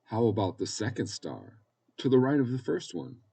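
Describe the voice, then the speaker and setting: A man voicing a loving older woman who tucks a young foster boy into bed, speaking gently and soothingly. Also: medium pitch, very animated, moderate pace, vocal fry, husky, voice pushed up, full character voice. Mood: tender.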